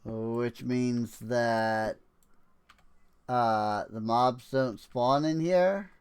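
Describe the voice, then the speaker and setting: A man's voice: medium pitch, extremely slow, a little mellow, clear, resonant tone. A man streaming a game, musing and wry as he talks through his play with frequent fillers. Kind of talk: game commentary.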